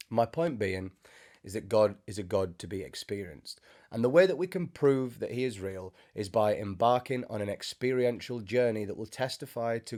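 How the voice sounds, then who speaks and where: A man giving an informal spiritual teaching to camera, conversational with joking asides, seated indoors. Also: lowish voice. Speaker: Christian speaker. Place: indoors, sitting before a bright camera.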